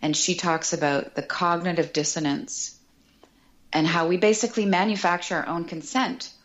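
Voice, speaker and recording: A middle-aged woman talking as a podcast guest, chatty and animated, often acting out quoted remarks. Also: lowish voice, normal speed, lo-fi sound. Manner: animated and chatty, quotes herself and others in lively voices. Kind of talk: casual podcast conversation.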